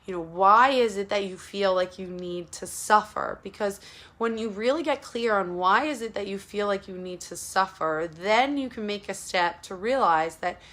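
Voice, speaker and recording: A woman's voice: mid-range voice, normal speed, a bit bright. A woman postpartum support coach giving casual advice straight to the listener, earnest and repetitive. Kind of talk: casual direct-to-camera advice talk.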